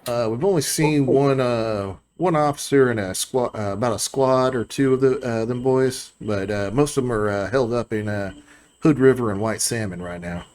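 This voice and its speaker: A man voicing a wary adult male militia leader in a tabletop game, who speaks in a halting drawl full of hesitations. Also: medium pitch, darkish tone, close to an everyday voice.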